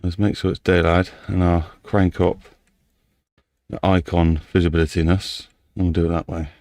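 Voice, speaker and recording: Man, mellow dark tone, breathless, muttering thoughts aloud. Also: deep voice, level tone, moderate pace, no echo, studio quality. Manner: muttering and thinking aloud to himself. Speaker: game map modder. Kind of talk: casual commentary while building a game map.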